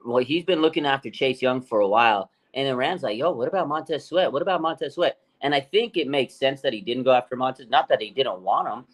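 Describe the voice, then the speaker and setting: Excited man co-hosting a sports stream. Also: mid-range voice, rough recording. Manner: excited, rambling storytelling. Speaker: podcast co-host. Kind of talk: casual sports talk stream.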